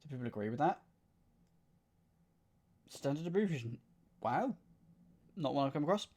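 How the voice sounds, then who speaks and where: A man's voice: a little high, lively intonation, normal speed, a little mellow. A man streaming himself solving a cryptic crossword, reading clues aloud and musing over the wordplay. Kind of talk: thinking aloud while solving.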